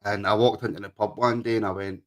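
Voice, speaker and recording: A man's voice: lowish voice, fairly even intonation, fast talker, a bit bright. A man co-hosting a podcast, chatting casually, laughing often and reading out viewer comments. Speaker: podcast co-host. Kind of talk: casual chat.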